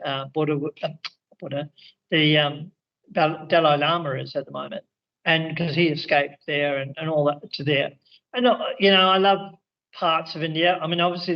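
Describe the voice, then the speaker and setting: A man chats over a video call in the evening, his fairly high voice coming through dull and muffled. He rambles, restarting sentences and trailing into fillers as he shares his experiences. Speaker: spiritual teacher and regression therapist. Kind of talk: casual video call conversation. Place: indoors in India, evening.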